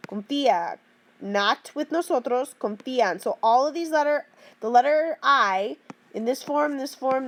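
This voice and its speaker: A woman teaching a grammar lesson, explaining patiently and checking in with the class with frequent "okay?" and "right?". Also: on the high side. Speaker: Spanish teacher.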